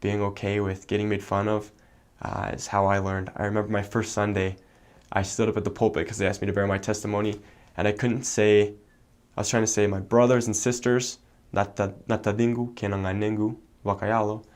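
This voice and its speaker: A young man from the United States, a returned missionary, explaining a language in a relaxed way with many fillers. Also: fairly low pitch, brisk. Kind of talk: casual explanation.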